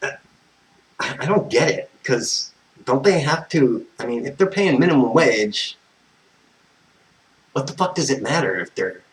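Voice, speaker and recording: Recorded at low quality, a man from the United States with a mid-range voice tells a personal story as a vlogger. Exasperated, he swears nonstop and wanders off on tangents.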